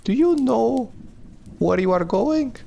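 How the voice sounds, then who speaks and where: A man voicing a frantic, hysterical old woman with a Scottish accent in a high falsetto wail. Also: expressive, slow, creaky, dark tone, full character voice. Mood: frantic pleading.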